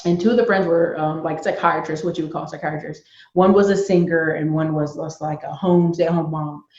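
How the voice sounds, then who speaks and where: A woman guest telling stories in a casual interview, animated and acting out the voices of people she quotes. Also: deep voice, brisk, echoey room, lo-fi sound. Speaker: guest, YouTuber and entrepreneur.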